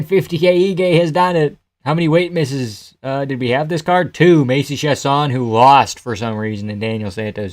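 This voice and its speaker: A young man hosts a live reaction stream from home, cursing casually and laughing through his remarks. He reads out chat messages and riffs on the fights. His voice sits at an ordinary male pitch. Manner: crude, joking, laughs often, reads chat aloud. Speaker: livestream host.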